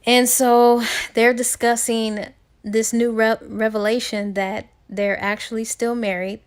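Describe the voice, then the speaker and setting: A woman's voice: on the high side, flat delivery, measured pace, smooth. A woman casually retelling a book's plot in a chatty way, with fillers and restarts along the way. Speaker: book reviewer.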